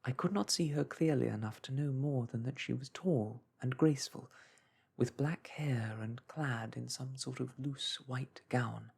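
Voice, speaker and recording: Man reading an old story in a soft breathy whisper, really slow and calm. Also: medium pitch. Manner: slow, hushed, soothing reading.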